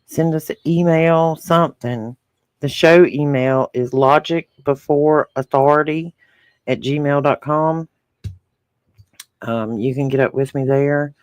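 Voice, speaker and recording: A man's voice: on the high side, fairly even intonation, slow, clear, resonant tone, dry recording. A man with a rural Southern American accent, a podcast co-host chatting casually with live viewers and reading their comments aloud.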